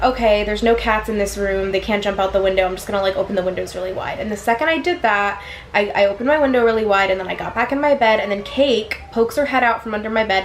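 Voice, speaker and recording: A woman's voice: medium pitch, slight background noise. A young woman telling a story straight to a camera on a tripod in her apartment, rambling with lots of fillers and restarts. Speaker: vlogger. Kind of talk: casual personal storytelling.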